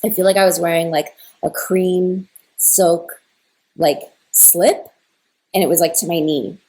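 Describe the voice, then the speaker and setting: A woman's voice: lowish voice, steady tone, a little slow, warm tone. Emotional young woman rambling a story. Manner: rambling, heavy use of "like", emotional retelling. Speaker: spiritual content creator. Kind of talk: casual storytime.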